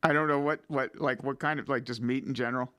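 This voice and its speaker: A man's voice: medium pitch, fairly even intonation, quick pace, bright, forceful tone, no room sound, studio quality. A man hosting a podcast, chatting casually and joking with a guest. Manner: joking, laughs often. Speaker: podcast host. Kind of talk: casual chat.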